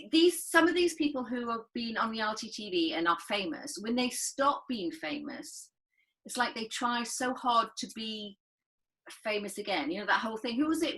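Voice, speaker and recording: A chatty woman co-host with a bright, sharp tone. She rambles through casual conversation, breaking off and restarting her sentences and laughing often. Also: on the high side, rough recording. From northern England. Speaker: podcast co-host. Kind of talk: casual chat.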